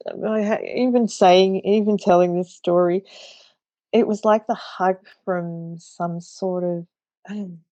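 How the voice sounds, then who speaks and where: An Australian woman in her thirties tells her story earnestly, often stopping to restart her sentences. Her voice sits low and has a gravelly edge. The recording is dry and dull, with little room sound and muted highs. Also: darkish tone, no echo. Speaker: guest. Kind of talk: recounting a personal experience.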